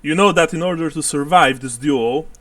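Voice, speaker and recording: A man's voice: a little high, moderate pace, a bit bright, dry recording, distant mic. A man narrating a tabletop role-playing game as game master, chuckling often as he describes scenes.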